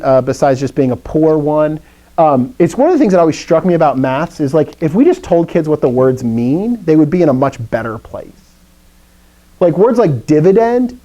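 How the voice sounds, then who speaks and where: A man from the American South gives a classroom lecture for a Greek class, chatty and playful and full of asides. His voice is a little high and mellow, and the recording quality is low.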